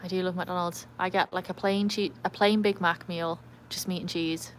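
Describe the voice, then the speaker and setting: A woman's voice: fairly low pitch, fairly even intonation, moderate pace, slight background noise. Chatty English woman on a livestream. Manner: chatty, rambling, reads viewer comments aloud. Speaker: livestream host with a trick dog. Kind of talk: casual live-stream chat.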